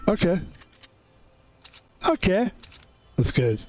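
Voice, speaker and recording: A man streaming a game, hoarse while recovering his voice, rambling in a quiet hushed way. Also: high voice, sing-song, extremely slow, faint music behind. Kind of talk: casual gameplay commentary.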